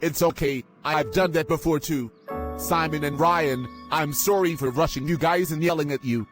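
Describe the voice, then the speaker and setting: A man's voice: a little high, normal speed, lightly acted. A man voicing a bossy, hot-tempered young male character who hurls insults at others and later apologizes in earnest. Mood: apologetic. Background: music.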